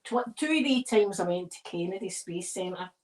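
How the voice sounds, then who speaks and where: A woman's voice: mid-range voice, lively intonation, normal speed, darkish tone. A Scottish woman chatting casually and rambling through stories as she decorates a tree for an ASMR video. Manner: rambling, digressive storytelling.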